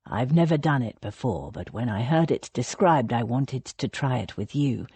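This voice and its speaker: A woman's voice: expressive, moderate pace, mellow, husky, dry recording, heavily acted. A woman reading an audiobook voices a guarded young naval officer who answers in short, clipped lines. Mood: curt. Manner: curt, clipped, low.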